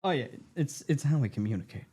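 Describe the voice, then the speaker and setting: A man's voice: medium pitch, lively intonation, fast, dark tone, husky. A man hosting a casual stream chat, playful and laughing, acting out quoted greetings. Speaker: streamer host.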